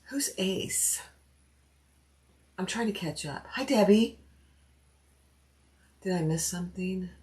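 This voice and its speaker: Low, unhurried woman chatting while sewing. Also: lively intonation, a little mellow. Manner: chatty, thinking aloud, greeting viewers by name. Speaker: sewing livestream host. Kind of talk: casual livestream chat while cutting fabric.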